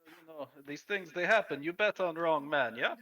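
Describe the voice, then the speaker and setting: A man's voice: fairly high pitch, moderate pace, sharp tone. A man doing a boastful sports star in broken English. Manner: broken English, dropping articles. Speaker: player.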